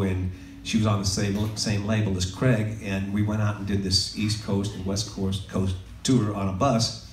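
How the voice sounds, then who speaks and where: A man's voice: on the low side, little pitch movement, moderate pace, few pauses, a little hiss or hum. A man, a songwriter, telling loose, joking stories to a live audience between songs. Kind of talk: stage storytelling between songs. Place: live music venue, on stage. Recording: echoey live room, heard from a distance, loud music.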